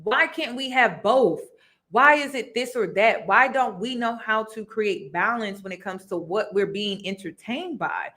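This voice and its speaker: A woman's voice: on the high side, measured pace, pushed and bright. A woman hosting a casual review vlog, talking chattily and emphatically to her viewers and repeating her points. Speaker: reaction video host. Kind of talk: casual commentary on a reality show.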